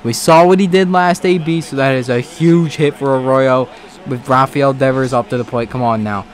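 A man giving casual let's-play commentary on a baseball video game, excitable, swearing and talking back to the game. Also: mid-range voice, moderate pace. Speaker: gaming commentator.

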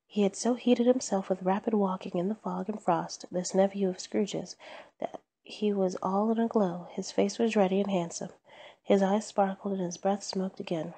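A woman reading a classic story aloud at bedtime, calm and measured. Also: mid-range voice, husky.

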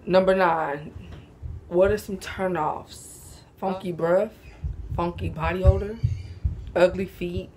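A woman's voice: fairly low pitch, steady tone, slow, pauses often, darkish tone, a little hiss or hum. A young woman chatting casually at home for a vlog, sleepy and yawning, laid-back and slangy, with frequent giggles. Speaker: vlogger. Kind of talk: casual Q&A chat to camera.

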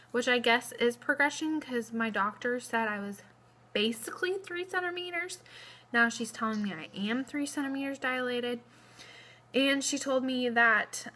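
A young pregnant woman talks into her phone camera in a casual vlog, rambling with lots of fillers and a slightly breathless edge. Her voice is a little high and quite bright. A faint hiss sits under the recording. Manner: chatty, rambling, many fillers. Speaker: vlogger. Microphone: phone camera close up.

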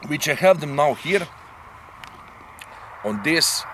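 A man with a high voice and a delivery walks through his remote-control plane's settings outdoors. He ends many of his sentences with a questioning "eh?". Faint outdoor ambience sits behind him. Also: lively intonation, slow pace, fairly bright tone, a little hiss or hum. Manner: explains step by step, tags sentences with "eh?". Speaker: RC pilot and channel host. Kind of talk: casual outdoor demonstration. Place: outdoors in a grassy field.

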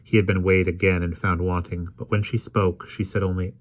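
Audiobook reader: man, very low voice, steady and deliberate. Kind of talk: audiobook narration.

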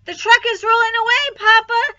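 A woman voicing an emotional, devoted young girl in a storybook reading, speaking in a shrill, pleading way. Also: lively intonation, measured pace, a bit bright, no echo, muffled recording. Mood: anxious.

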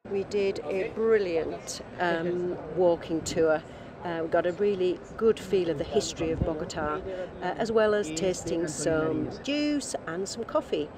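A woman narrating a casual travel vlog, chatty and relaxed with frequent ums. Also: lowish voice, measured pace, a loud crowd. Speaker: travel vlogger. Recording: background noise.

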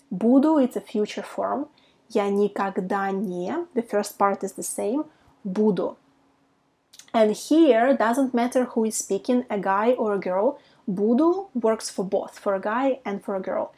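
A woman teaching a language lesson who says her example phrases slowly and carefully, with a Russian mother tongue. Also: mid-range voice, darkish tone. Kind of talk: casual online language lesson.

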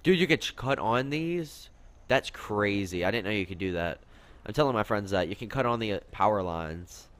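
A young man commentating on his own gameplay, excitable, yelping and complaining at the game as he plays. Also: lowish voice, normal speed. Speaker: gaming commentator.

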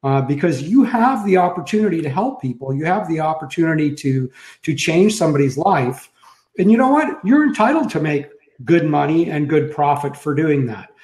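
A man's voice: a little high, sing-song, moderate pace, a little mellow. A middle-aged man co-hosting a casual web chat, talking in an easygoing, reflective way and often restarting his sentences. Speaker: co-host, sidekick to the main host. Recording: echoey room.

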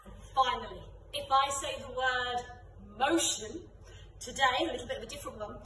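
A young woman teaching an online children's drama and dance class, calling out game commands loudly and brightly. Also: high-pitched, steady tone, fast talker, a little hiss or hum. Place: dance studio room. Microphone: camera from a distance. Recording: echoey room, voice from far off.

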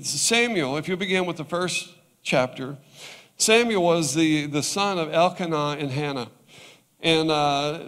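A man's voice: fairly high pitch, fairly bright tone, big-room sound. A male pastor preaching a sermon in a conversational way, often checking in with his listeners.

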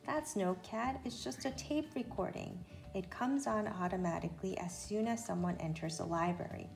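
A woman voicing a loud, pushy, boastful male mouse shopkeeper in a storybook read-aloud. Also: mid-range voice, normal speed, gravelly, soft background music, close to an everyday voice. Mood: brash. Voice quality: brash, shouting. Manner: boastful bargain talk.

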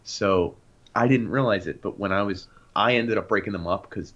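A young man co-hosting a podcast, telling animated stories in casual chat and acting out the voices of people in them. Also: lowish voice, normal speed. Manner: animated, acts out voices in anecdotes. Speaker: podcast co-host. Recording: dull lo-fi sound.

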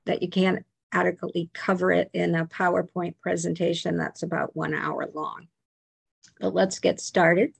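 A woman's voice: fairly low pitch, vocal fry, slightly rough, no echo. A woman, a museum program manager, giving a slide presentation with chatty asides and self-corrections.

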